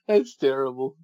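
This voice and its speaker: A man's voice: mid-range voice, mellow, no echo. Jokey laughing man, muffled dry mic. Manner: jokey, laughs often, sentimental. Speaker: podcast co-host. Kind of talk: casual chat.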